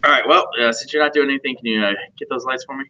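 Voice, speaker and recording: A man's voice: medium pitch, racing, sharp tone. A man teaching a class at a computer, chatty and joking, often asking the students questions. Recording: dull lo-fi classroom recording.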